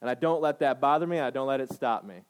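A pastor in his thirties preaches to a congregation in a mid-range voice that's fast and clean. He's emphatic, repeating phrases and checking in with "right?"

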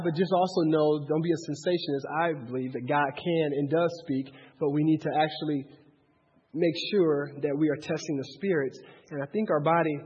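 Husky high-voiced man preaching in a reverberant hall. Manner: direct, animated, checks in with listeners. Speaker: pastor. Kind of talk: conversational sermon. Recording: dull lo-fi sound with long hall reverb.

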